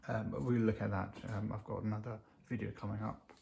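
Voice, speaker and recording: A man's voice: fairly low pitch, level tone, fairly quick, gravelly, dark tone. A man casually unboxing a gadget, rambling with many fillers as he reads the specs off the box aloud. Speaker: unboxing vlogger. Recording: noisy home recording.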